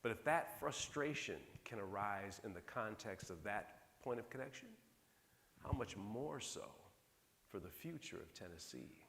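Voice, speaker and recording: Speaking unhurriedly in a creaky, fairly low voice, this middle-aged keynote speaker entertains a large-hall conference audience with humorous stories. His delivery is animated and full of humor, and the hall's long reverb trails every line.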